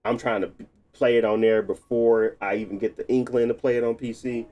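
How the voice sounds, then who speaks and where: A man streaming live, chatting casually while tinkering with settings, thinking out loud and laughing often. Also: mid-range voice, flat delivery, brisk, muffled recording. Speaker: gaming streamer.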